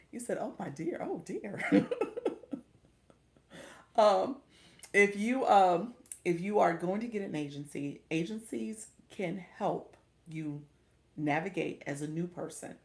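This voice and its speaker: A middle-aged woman, hosting a casual livestream. Her voice sits low and has a gravelly edge. She chats with viewers as friends and laughs often. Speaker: live coach.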